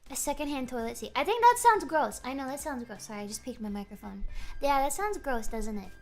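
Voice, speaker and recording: Woman VTuber, high and bouncy, rambling comic storyteller. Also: fairly quick, faint music behind. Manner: animated, joking, rambling storyteller. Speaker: VTuber streamer. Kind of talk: casual chat stream.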